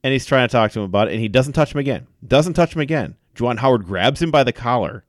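A man co-hosting a casual sports podcast, telling events in an animated way with many fillers. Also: mid-range voice, fast talker, dry recording, studio quality. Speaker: podcast co-host.

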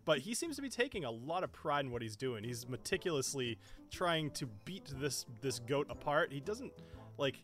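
A young man narrating as game master for a tabletop game, chatty and quick to laugh. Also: fairly high pitch, big pitch swings, fairly bright tone, soft background music. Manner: chatty, laughs often, frequent restarts.

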